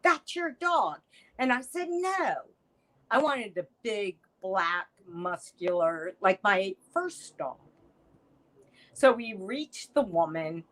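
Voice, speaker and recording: A middle-aged woman, a podcast guest, telling a personal story in an animated way and acting out the voices of the people in it. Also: medium pitch, takes it slowly, poor audio. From United States. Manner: animated storyteller, acts out quoted lines. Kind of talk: storytelling interview chat.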